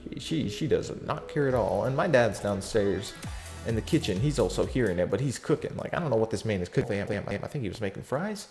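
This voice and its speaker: A man's voice: lowish voice, animated, fairly quick, a little mellow, faint music behind. A fourteen-year-old boy telling a story in a casual vlog, rambling with lots of fillers, slang and restarts. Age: teenager, fourteen.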